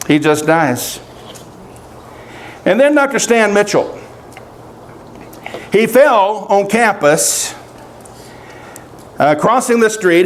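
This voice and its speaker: High-voiced older man preaching a sermon. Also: slight background noise. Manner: halting, emotional storytelling with long pauses. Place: outdoor family encampment gathering.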